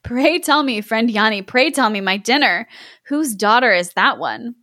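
Brief: greedy storybook dragon, chanting high, read by a woman, dry sound. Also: expressive, normal speed, pushed and bright, no room sound. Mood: nervous. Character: greedy male dragon, boastful then cowardly.

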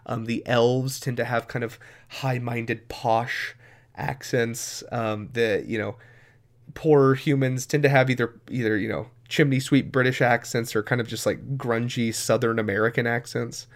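A man's voice: medium pitch, fairly even intonation, measured pace. A man co-hosting a casual podcast chat about running tabletop games, talking enthusiastically with many fillers. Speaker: podcast co-host and game master.

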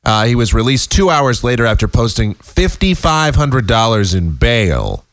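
A man's voice: mid-range voice, big pitch swings, normal speed, no room sound. A male talk show host with a congested, growly, nasal voice, chatting in a rambling way with wry asides. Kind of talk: casual talk show monologue.

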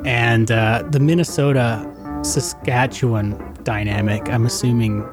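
A man hosting a podcast, chatting casually with his guest and asking friendly, joking questions. His voice is of middle pitch. Music is faintly audible behind him. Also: steady tone, measured pace. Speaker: podcast host. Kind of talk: casual interview chat.

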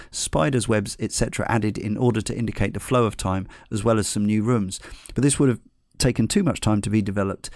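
A man hosting a podcast, chatting casually with many pauses and fillers. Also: mid-range voice, vocal fry, dry recording, studio quality. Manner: relaxed, hesitant, many fillers. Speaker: podcast host. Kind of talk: casual podcast chat about retro games.

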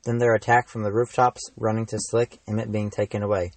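A man's voice: on the low side, little pitch movement, fairly quick, dry recording, rough recording. Teen man reading his fantasy novel aloud. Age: teens.

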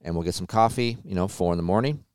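Male podcast host, deep and smooth, casual storyteller who swears freely. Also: quick pace, a little mellow, dry recording, studio quality. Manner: laid-back storytelling with frequent swearing. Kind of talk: casual chat.

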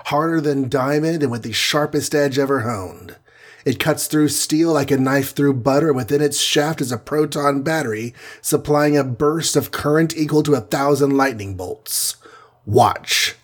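A man with a husky voice voicing a boastful, wisecracking male archer hero in an audiobook reading. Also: on the high side, pitched above the performer's own voice, natural voice. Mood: explaining. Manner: cocky and quick-talking. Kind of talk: audiobook character voice.

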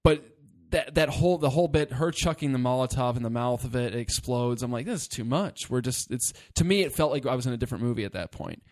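A man in a relaxed podcast chat, ranting about a film with lively, profane energy. He rambles, restarts his sentences and swears often. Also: mid-range voice, fast talker, few pauses. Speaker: podcast co-host. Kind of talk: casual movie discussion.

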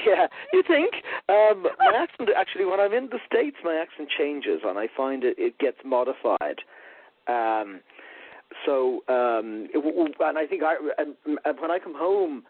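Irish author guest, wry raconteur, husky, heard down a phone line. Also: male voice, mid-range voice, no echo. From Ireland. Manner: chatty, self-deprecating storyteller. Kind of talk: radio interview.

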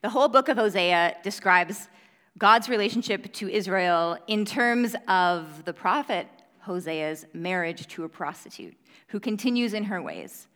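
A woman's voice: medium pitch, lively intonation, measured pace, a bit bright. A young woman, a mother, giving an earnest, conversational Bible teaching with casual fillers. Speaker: preacher. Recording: reverberant hall.

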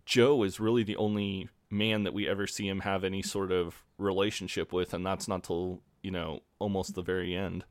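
A man's voice: low voice, level tone, normal speed, few pauses, dry recording. A man co-hosting a podcast in casual chat, speaking hesitantly with many fillers. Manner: hesitant, many ums and you-knows. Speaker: podcast co-host.

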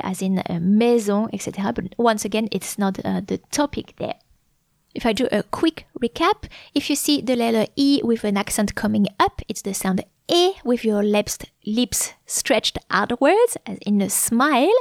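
A woman's voice: on the high side, dry recording, studio quality. A woman hosting a podcast pronunciation lesson, explaining patiently step by step and spelling out letters, with frequent fillers. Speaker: French teacher and podcast host. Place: Melbourne, Australia.

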